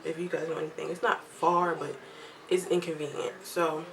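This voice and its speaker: A young woman telling a casual storytime vlog at home, lively and chatty, acting out what others said. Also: low-pitched, normal speed, noisy background. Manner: chatty, animated quoting of others, laughs often. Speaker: vlogger.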